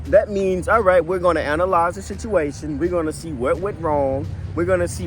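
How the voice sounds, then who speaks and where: A man's voice: on the high side, a little fast, hardly any pauses, over music. Blunt sarcastic man reacting to clips. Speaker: reaction commentator. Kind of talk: casual reaction commentary.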